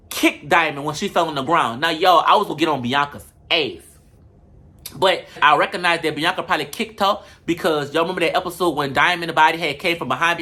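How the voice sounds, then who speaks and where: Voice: mid-range voice, sharp tone. A vlogger giving a sassy, profane, comedic recap of a reality show and talking straight to viewers.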